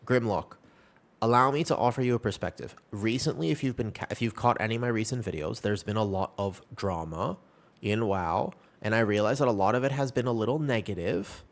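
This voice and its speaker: A young man streams a game and chats casually with his viewers, rambling in an upbeat, reassuring way. His voice is on the low side and his delivery brisk.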